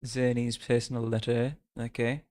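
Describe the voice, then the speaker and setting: His medium-pitched voice is monotone, slightly mellow, and moderately paced. On a live stream of a story game, he reads the story and chats casually, joking about himself with frequent laughs.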